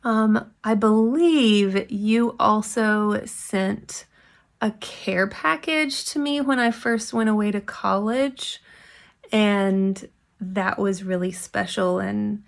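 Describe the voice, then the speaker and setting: A young adult woman giving a heartfelt video tribute with pauses and fillers. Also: medium pitch, vocal fry. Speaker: family friend giving a tribute. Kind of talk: recorded video message.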